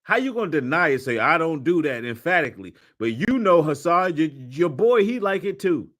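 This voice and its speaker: A man commentating on video clips in a casual, mocking way, swinging between low mutters and loud outbursts. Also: sing-song, fairly quick.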